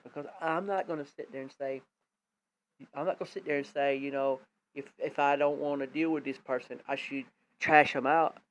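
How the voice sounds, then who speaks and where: A man hosting a live online radio stream, rambling and exhorting listeners in a preachy rant. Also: mid-range voice. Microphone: tablet microphone. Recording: dull lo-fi tablet stream.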